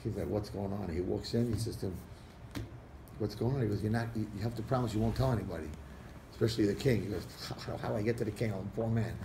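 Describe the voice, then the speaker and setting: A man, a rabbi, telling a parable to an audience and acting out the characters' lines with lively shifts. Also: fairly low pitch, fast, gravelly. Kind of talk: storytelling talk to an audience. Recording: echoey room recording with faint background noise.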